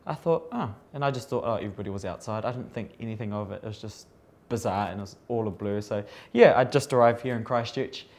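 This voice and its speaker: A man, a makeup artist recounting events in an interview with amused, lively storytelling. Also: mid-range voice, brisk. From New Zealand. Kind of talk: recalled interview testimony.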